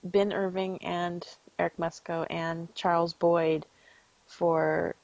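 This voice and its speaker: A woman co-hosting a podcast in casual chat, measured and even-handed with a few small fillers. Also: fairly low pitch, no echo, poor audio. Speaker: podcast co-host.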